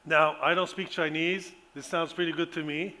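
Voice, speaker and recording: A man speaks from a conference stage with a bright, forceful tone, explaining his subject eagerly. His voice sits a little high, and he often stops to restart a phrase or fill a gap with "uh". It sounds like a keynote heard through the hall's microphone. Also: steady tone, moderate pace. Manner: enthusiastic explainer with frequent ums and restarts. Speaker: engineering professor giving a conference talk.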